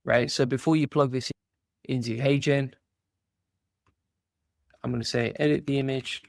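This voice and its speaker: A British man giving a casual step-by-step software tutorial, often checking in with "right?" as he clicks through screens. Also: medium pitch, fairly even intonation, unhurried, vocal fry, pauses often, no room sound, studio quality. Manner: casual step-by-step walkthrough, frequent "right?" and "basically". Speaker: course instructor.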